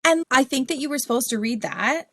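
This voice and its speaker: Woman guest, bubbly storyteller who laughs a lot, mid pitch, dry close-mic sound. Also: no room sound. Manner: lively storyteller, quick laughs. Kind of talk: casual podcast conversation.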